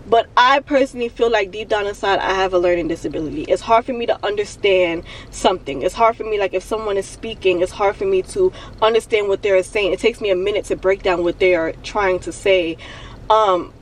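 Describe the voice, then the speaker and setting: A young woman on the edge of tears talks into her phone from a parked car, halting and repeating herself as she vents. Her voice sits a little back from the mic, with a faint hum of road and cabin noise underneath. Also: mid-range voice, far from the mic, rough recording. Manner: raw, halting, repeats herself while venting. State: emotional, near tears. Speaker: vlogger. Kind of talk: emotional confessional vlog.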